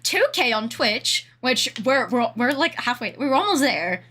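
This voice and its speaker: Young Swedish woman streamer, high bright voice with lots of bounce, giggly and rambling. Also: big pitch swings, measured pace. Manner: giggly, rambling, frequent laughter. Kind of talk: casual livestream chat.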